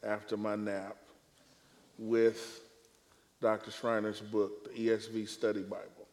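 Man, preacher, panel talk, slow, emphatic, long reverb. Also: lowish voice, completely flat delivery, heavy background noise. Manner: measured, emphatic, deliberate phrasing.

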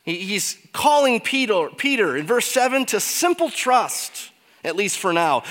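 A man preaching in a large church, his voice ringing with long reverb. He talks slowly and lets his fairly high pitch climb and fall widely, moving from emphatic peaks to hushed asides. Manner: expressive, swings between emphatic peaks and quiet low asides. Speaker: pastor. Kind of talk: sermon.

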